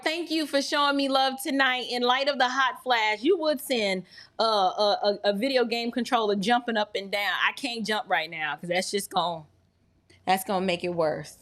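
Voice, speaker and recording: Middle-aged woman hosting a livestream, high voice, chatty and flustered, talks right to the viewers. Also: normal speed, a bit bright. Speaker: livestream host. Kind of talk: casual livestream chat.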